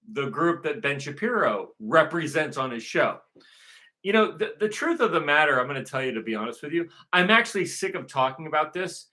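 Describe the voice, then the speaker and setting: A man's voice: on the high side, sharp tone. A man hosting his own show, delivering a repetitive, emphatic ranting monologue with frequent profanity. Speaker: show host.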